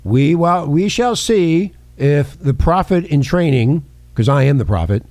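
A man's voice: a little high, animated, a little slow, a little mellow, no echo. A man hosting a casual political chat show, talking in a brash, mocking, rambling way. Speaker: podcast host.

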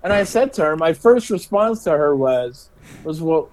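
The audio is poor, but the voice is clear enough: a middle-aged man, pitched on the high side, talking at a moderate pace. A special education teacher, he laughs through his stories in a casual interview and tends to repeat his words.

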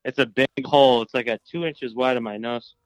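A man's voice: mid-range voice, steady tone, fairly quick, smooth, no room sound. A young man in casual podcast chat, rambling and filling his talk with "like". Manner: rambling, filler-heavy with lots of "like". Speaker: podcast co-host.

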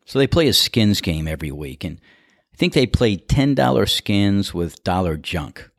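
Casting note: man, low voice, very animated delivery, casual golf yarn, chuckles through it. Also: normal speed, vocal fry, dry recording, studio quality. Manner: animated storytelling, acts out quotes with laughs. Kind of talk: casual anecdote.

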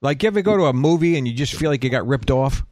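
Animated sarcastic male talk host. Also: medium pitch, rapid-fire, dry recording. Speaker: radio show host. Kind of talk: casual, mocking talk-show banter.

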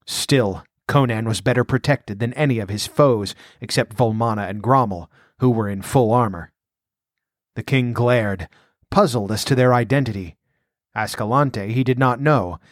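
A man narrating an adventure story aloud in a measured, dramatic reading. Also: mid-range voice, no echo, studio quality. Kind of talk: audiobook narration.

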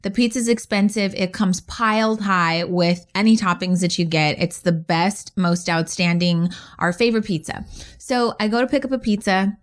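A woman co-hosting a podcast, telling a story in an animated, exasperated way. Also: mid-range voice, moderate pace. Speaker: podcast co-host. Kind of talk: casual storytelling chat.

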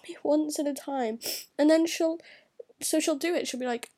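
A woman's voice: high-pitched, normal speed, mellow. A teenage girl, crying and venting in a rambling confessional vlog, often dropping to a whisper. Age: teens. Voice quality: gravelly fry, often drops to a whisper. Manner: rambling, upset, venting in broken phrases. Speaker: vlogger.

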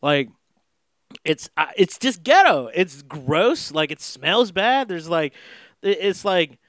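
Young man, casual profane monologue, filler-heavy, high-pitched, dry close mic. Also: sing-song, slow pace, fairly bright tone, no echo. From Los Angeles area. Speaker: podcast host.

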